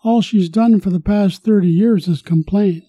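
A man's voice: sits high, normal speed, warm tone, slightly rough, dry recording. An older man voicing a stern elderly mother superior in a joke he is retelling. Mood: curt.

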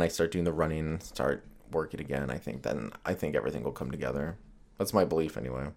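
Male podcast host, deep voice, rambling, foul-mouthed, jokey. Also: gravelly, darkish tone. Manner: rambling, profane, joking. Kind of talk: casual solo podcast chat.

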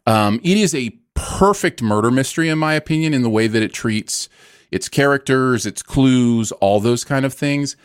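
A man's voice: mid-range voice, normal speed, smooth, dry recording, studio quality. A man hosting a movie review podcast, chatting casually in an enthusiastic, playful way. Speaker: podcast host.

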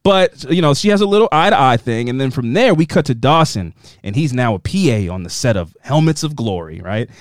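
A man's voice: medium pitch, lively intonation, a little fast, no echo, clean studio sound. A man co-hosting a podcast, recapping a TV show in casual chat, sarcastic and laughing often as he acts out quotes. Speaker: podcast co-host.

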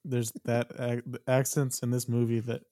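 A man's voice: mid-range voice, little pitch movement, normal speed, mellow, no echo, clean studio sound. A young man from Ohio co-hosts a podcast, joining in with teasing, laid-back banter. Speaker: podcast co-host. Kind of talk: casual podcast chat.

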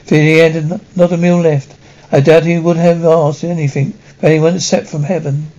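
A man voicing an earnest young sailor who speaks gravely and respectfully. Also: a little high, flat delivery, normal speed, warm tone, lightly acted. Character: earnest young male sailor, proud and devoted. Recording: dull lo-fi recording.

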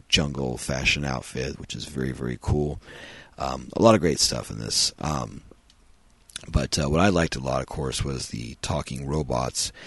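A man's voice: extremely low pitch, vocal fry, husky, no room sound. A man hosting a podcast, reviewing a film in a rambling, casual way with frequent ums and uhs.

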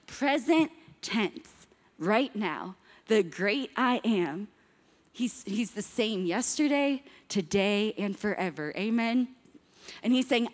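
A woman pastor preaching a sermon with lively call-and-response to the congregation. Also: a little high, unhurried, in a large hall.

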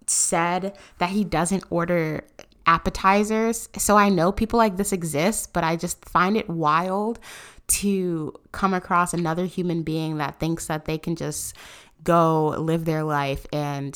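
A young woman in her twenties hosting a solo podcast, ranting with sarcasm and disbelief. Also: medium pitch. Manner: sarcastic, incredulous, animated. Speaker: podcast host.

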